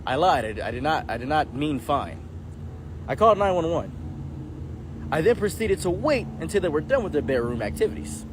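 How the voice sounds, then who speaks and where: Man, comedic storyteller, lively swooping pitch, slightly higher voice, faint outdoor noise behind. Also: normal speed. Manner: animated, jokey, acts out dialogue. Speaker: storytime YouTuber.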